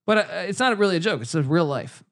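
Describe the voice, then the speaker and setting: A man's voice: high-pitched, animated, fast talker. A man hosting a casual podcast, telling stories in a rambling, profane way with lots of fillers. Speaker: podcast host. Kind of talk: casual chat.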